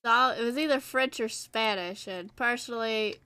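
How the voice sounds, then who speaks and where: A woman's voice: a little high, moderate pace, pushed and bright, clean tone, no echo. A teenage girl streaming a game, chatting casually in a rambling, self-deprecating way. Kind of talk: casual gameplay chat.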